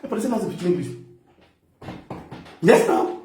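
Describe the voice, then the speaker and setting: Nigerian male comedian, high voice, mocking and teasing with frequent laughter, recorded off-mic in an echoey room. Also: very animated, moderate pace, mellow, distant mic, soft background music. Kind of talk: comic mock phone call.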